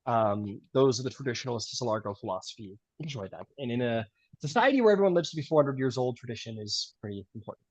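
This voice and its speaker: A man's voice: mid-range voice, animated, fast talker, husky, dry recording. A man running a tabletop game as game master, talking in a chatty way with many fillers and laughs.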